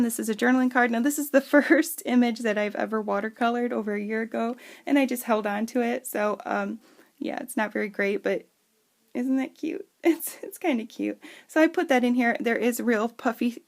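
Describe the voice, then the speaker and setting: A woman's voice: fairly high pitch, vocal fry. A woman at home chatting casually and gushing as she shows viewers her handmade craft pieces. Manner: chatty and gushing, addresses viewers as "you guys". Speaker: craft seller showing handmade journals. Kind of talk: casual show-and-tell vlog.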